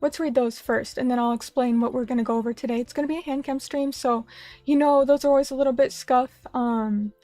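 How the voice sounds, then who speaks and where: A young woman with a high, mellow voice talks briskly with fairly even intonation in a dry recording, faint music playing behind. As a vtuber streamer at a little table in a small room, she reads viewers' comments and chats in a rambling, self-deprecating style.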